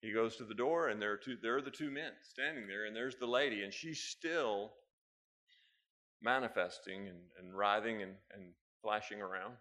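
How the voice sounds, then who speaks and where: American preacher telling a story. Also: male voice, normal speed, sharp tone. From United States. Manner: storytelling, building to emphatic high bursts. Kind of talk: sermon. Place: church hall with a live congregation.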